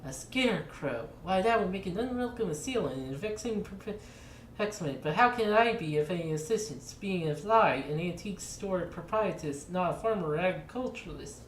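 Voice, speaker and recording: A woman's voice: fairly low pitch, lively intonation, normal speed, natural voice. A woman voicing a fly who keeps an antique store, speaking in a stilted, archaic, wordy way. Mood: pompous. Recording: echoey room with faint noise.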